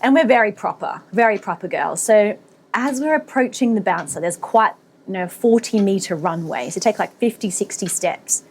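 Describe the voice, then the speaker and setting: A woman in her thirties co-hosts a podcast, telling a story in a casual, animated manner and laughing often. Her voice is mid-range at a normal speed, and the recording carries a little hiss or hum.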